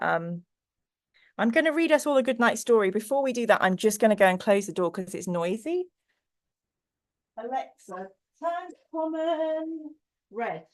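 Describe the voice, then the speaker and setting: A woman hosting a book livestream with a stuffy nose, chatting casually and laughing easily, then reading a bedtime story in a soft, cozy voice. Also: medium pitch. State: stuffy nose from hay fever. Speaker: book channel host.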